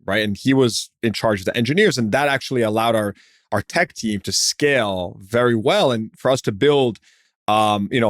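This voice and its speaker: A man hosting a podcast, chatty and conversational, with lots of fillers and quick asides. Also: on the low side, no room sound, studio quality. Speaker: podcast host. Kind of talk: casual interview talk.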